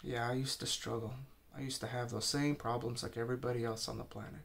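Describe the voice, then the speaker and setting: A man's voice: medium pitch, steady tone, quick pace, vocal fry, fairly bright tone. A man preaching an informal sermon, urging listeners with earnest, repeated exhortations.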